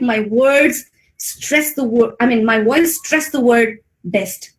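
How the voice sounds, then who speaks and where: A woman with an Indian English accent giving a webinar talk on public speaking. She speaks expressively and shows voice modulation with big swings in pitch. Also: measured pace, roomy sound, low-quality recording. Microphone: video call mic.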